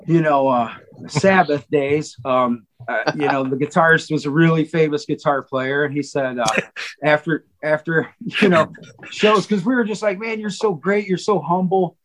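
A man's voice: on the high side, moderate pace, fairly bright tone, rough recording. A man telling stories in a casual podcast chat, rambling with many fillers and quoted asides. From Cleveland, Ohio. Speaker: guest drummer.

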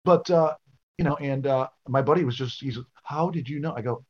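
A man's voice: mid-range voice, moderate pace, highs cut off, a little hiss or hum. A man co-hosting a casual podcast chat, telling loose anecdotes with many fillers. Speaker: podcast co-host.

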